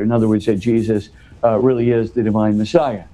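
A man's voice: lowish voice, level tone, fairly quick, mellow. A man speaking as an interview guest, explaining at length in an earnest, conversational way and often restarting his words.

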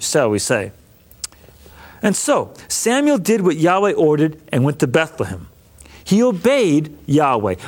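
A man who is a priest giving a Bible lesson, teaching in an enthusiastic, conversational way. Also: sits high.

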